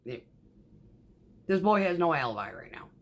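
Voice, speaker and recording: Low-voiced woman telling work stories. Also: moderate pace. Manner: profane, animated, acts out quoted voices. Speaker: concrete mixer truck driver. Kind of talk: casual storytelling vlog.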